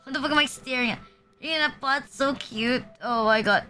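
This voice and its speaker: Bright, high-voiced young woman streamer. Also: moderate pace, soft background music. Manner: crude, rambling, filler-heavy, laughs often. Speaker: VTuber streamer. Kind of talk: casual live-stream chat.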